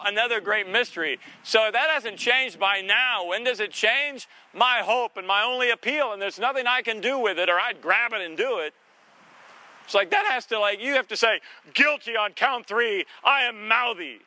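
A man with a high, very bright voice preaches in a loose, chatty way. He is sarcastic and folksy, and he slips into playful voices now and then to make his point. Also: lively intonation, moderate pace. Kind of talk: conversational sermon.

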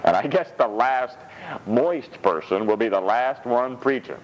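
Male pastor, lively sermon, chuckles a lot, slow and dull lo-fi sound. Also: slight background noise. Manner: animated, laughing often, high-pitched mock voices for scripture quotes.

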